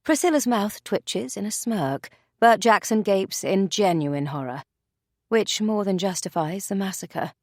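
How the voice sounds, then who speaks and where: A woman reading a thriller novel aloud as narrator, in a measured, dry storytelling manner. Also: medium pitch, expressive, darkish tone, no echo. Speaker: audiobook narrator. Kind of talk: scripted narration.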